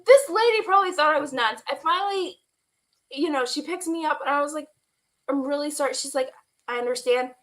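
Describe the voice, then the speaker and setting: A woman telling an emotional personal story as a guest, animated and quoting the people in it, laughing at times and close to tears. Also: sits high, fairly quick. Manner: animated retelling with quoted dialogue, laughing and near tears. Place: online stream.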